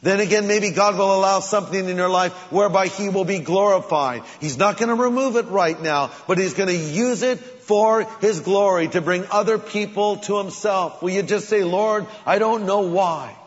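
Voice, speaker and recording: A man's voice: high voice, moderate pace, hardly any pauses. A male pastor delivering a sermon in a conversational style with dramatic emphasis. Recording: long hall reverb, dull lo-fi sound.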